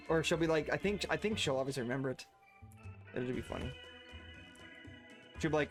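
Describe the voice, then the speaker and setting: A man's voice: a little high, fairly even intonation, fairly quick, pauses often, faint music behind. A man chatting casually while streaming a video game, laughing often and rambling into asides. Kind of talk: casual gameplay chat.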